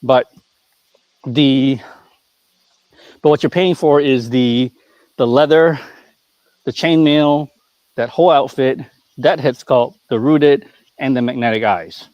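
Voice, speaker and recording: A man's voice: medium pitch, slow pace, pauses often, darkish tone, no echo, muffled recording. A man who runs a figure store, talking in a blunt, profane, ranting way in a casual live-stream chat.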